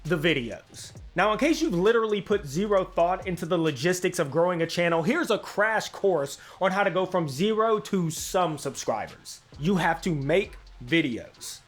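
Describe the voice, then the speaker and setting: Sarcastic high-voiced man narrating. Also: lively intonation, moderate pace, few pauses. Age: adult with a career. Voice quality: velvety smooth voice. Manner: sarcastic, self-deprecating. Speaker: YouTube channel host. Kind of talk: scripted comedic narration.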